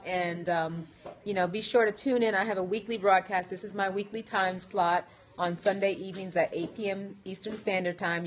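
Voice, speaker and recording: A woman's voice: mid-range voice, a little hiss or hum. A woman hosting a casual live stream from a hair salon, chatty and laughing often, her voice worn as she loses it. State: losing her voice. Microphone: phone.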